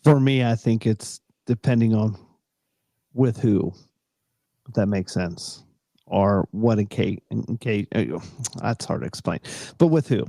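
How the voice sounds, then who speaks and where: Man, middle-aged, gravelly, mellow tone, rambling casual chat with lots of fillers. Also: lowish voice, unhurried, no echo, studio quality. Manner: rambling, many fillers and restarts. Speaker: podcast co-host.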